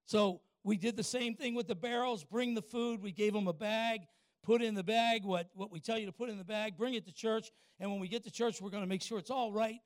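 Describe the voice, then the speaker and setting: An older man, a pastor telling a folksy story in a sermon and asking the congregation quick questions. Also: high voice, no echo, clean studio sound.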